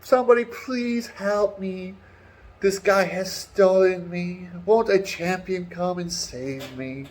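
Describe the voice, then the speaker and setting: A man doing a melodramatic falsetto damsel. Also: takes it slowly, a little hiss or hum. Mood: pleading. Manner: theatrical, high falsetto cries for help. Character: melodramatic pleading woman trapped in a tower.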